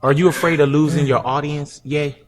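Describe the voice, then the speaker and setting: A man's voice: fairly high pitch, fairly even intonation, brisk. A man interviewing a guest, dropping short questions and agreeing sounds. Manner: brief prompting questions and affirmations.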